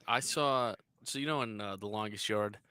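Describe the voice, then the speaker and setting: A man's voice: lowish voice, normal speed, clear, resonant tone, no room sound. A man hosting a local sports radio show, chatting casually and telling stories while acting out the people in them. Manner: animated storyteller who acts out quoted people. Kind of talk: casual sports chat and storytelling.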